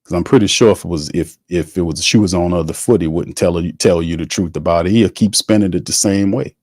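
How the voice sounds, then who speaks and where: A man's voice: low-pitched, fast talker, a little mellow, no room sound. Man, sports podcast host, heated colloquial rant, dry close sound. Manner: heated, colloquial, talks to the chat. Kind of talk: sports talk commentary.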